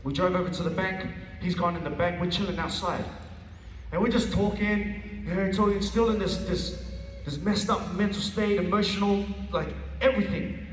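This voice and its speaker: A man with a high-pitched voice tells his own story with earnest, stumbling restarts and repeated phrases. The sound is roomy, with a long hall reverb and the mic set well back from him. A faint hum of ambience sits underneath. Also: normal speed. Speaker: speaker giving a personal testimony. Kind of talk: emotional testimony storytelling. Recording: echoey hall from a distant mic.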